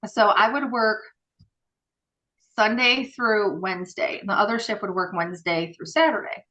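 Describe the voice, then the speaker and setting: A woman guest on a podcast, telling stories in a casual, animated way with many fillers and acted-out dialogue. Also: medium pitch, moderate pace, rough recording. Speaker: podcast guest, former group home worker. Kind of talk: casual interview storytelling.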